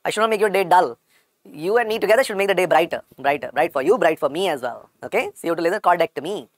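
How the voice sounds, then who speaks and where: A man's voice: sits high, expressive, fast talker, no room sound. A man with an Indian accent giving a medical exam-prep lecture, repeating every key point several times and calling his students "beta".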